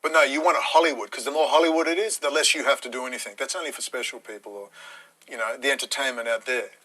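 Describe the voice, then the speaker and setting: A man's voice: medium pitch, steady tone, fast, bright, forceful tone, rough recording. A man, ranting bluntly and combatively on a live stream, swearing freely.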